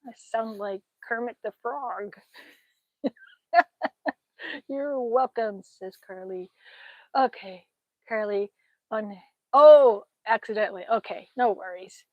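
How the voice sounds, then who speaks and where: A woman's voice: mid-range voice, takes it slowly, long pauses, no room sound, dull audio. A middle-aged woman livestreaming outdoors on her phone, chatting casually, reading viewer comments aloud and thanking them with frequent laughs. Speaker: livestream host.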